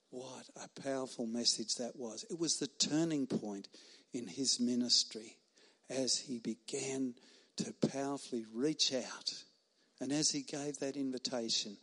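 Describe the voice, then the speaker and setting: A man's voice: medium pitch, a bit bright. Earnest middle-aged male preacher. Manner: earnest, emphatic, with pauses and laughs at his own stories. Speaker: hospital chaplain and preacher. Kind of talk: sermon.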